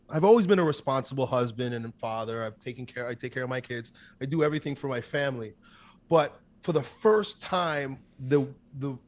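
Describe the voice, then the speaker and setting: Emphatic man telling his story. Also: mid-range voice. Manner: intense, emphatic, quick bursts. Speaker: guest. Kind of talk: candid interview storytelling.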